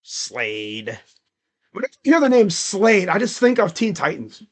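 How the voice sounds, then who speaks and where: A man's voice: high-pitched, huge pitch swings, unhurried. A young man giving casual live play-by-play, rambling and slangy between calls. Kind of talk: casual live reaction commentary.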